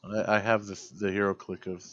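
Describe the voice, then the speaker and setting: A man's voice: lowish voice, flat delivery, brisk, a bit bright. A man co-hosting a podcast, chatting hesitantly with lots of restarts. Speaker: podcast co-host. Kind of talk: casual TV recap chat. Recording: dull lo-fi mic.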